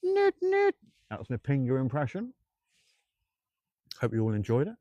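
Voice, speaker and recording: This man's voice is medium-pitched, sing-song and warm, moving at a moderate pace. He's a ghost-hunting livestream host outdoors at night near old railway tracks, rambling, joking and greeting viewers by name despite a sore, dry throat. The recording has no room sound but sounds muffled.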